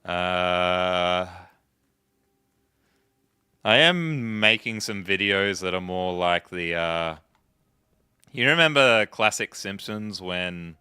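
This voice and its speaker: Deep-voiced man musing through a game. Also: takes it slowly, long pauses, pushed and bright, clear, resonant tone, no room sound, studio quality. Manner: chatty, musing aloud to himself. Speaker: let's play host. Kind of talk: casual gameplay commentary.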